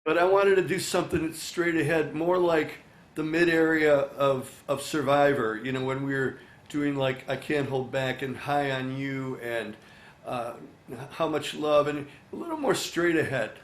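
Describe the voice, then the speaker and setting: An older man, a songwriter and musician, chatting in an interview from his recording studio, animated and full of "you know" fillers, acting out bits of dialogue as he tells stories. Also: a little high, measured pace, reverberant, a little hiss or hum. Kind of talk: casual interview storytelling.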